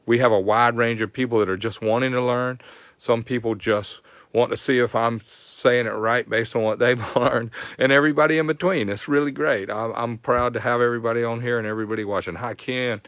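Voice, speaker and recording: A man's voice: medium pitch, fairly even intonation, brisk, fairly bright tone, no room sound, clean studio sound. A man with a Southern accent hosting a live-streamed technical lesson, explaining step by step in a folksy way and greeting viewers by name. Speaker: host.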